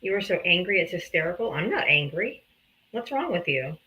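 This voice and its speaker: A woman's voice: fairly low pitch, sing-song, brisk, sharp tone, low-quality recording. A woman hosting a live political debate stream, combative, sarcastic and heavy on profanity.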